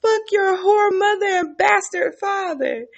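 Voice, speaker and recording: A woman's voice: extremely high pitch, measured pace, lo-fi sound, voice pushed up. A woman voicing a wounded male soldier who screams curses and pleas while he is tortured, in a video recap. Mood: screaming.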